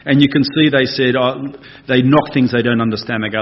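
Animated man preaching a sermon. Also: mid-range voice, brisk. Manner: animated, conversational, acts out voices. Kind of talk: expository sermon. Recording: dull lo-fi recording.

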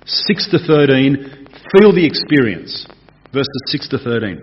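Animated man preaching a sermon. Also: mid-range voice, unhurried. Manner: animated, conversational, acts out voices. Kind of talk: expository sermon. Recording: dull lo-fi recording.

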